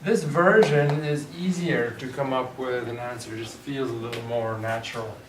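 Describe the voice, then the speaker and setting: A man's voice: mid-range voice, fairly even intonation, moderate pace. A man teaching a class, thinking aloud and putting questions to his students. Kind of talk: classroom lecture. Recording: echoey room, distant mic, clear background noise.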